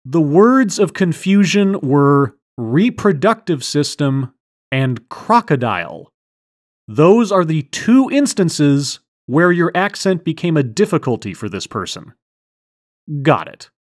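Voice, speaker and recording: A woman's voice: deep voice, big pitch swings, takes it slowly, darkish tone, no room sound. A woman hosting a comedy skit in a mock mind-reader persona, talking in a theatrical, dry, sardonic way. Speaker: host.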